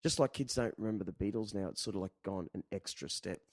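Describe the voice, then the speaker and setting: A man's voice: on the low side, quick pace, no echo, studio quality. A man hosting a casual chat over beers, rambling loosely and swearing now and then. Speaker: podcast host. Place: indoors, relaxed room.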